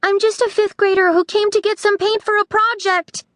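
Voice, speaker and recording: A woman voicing a fierce but frightened fifth-grade girl in a storybook, yelling and pleading. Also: very high voice, level tone, moderate pace, no echo, studio quality, voice pushed up.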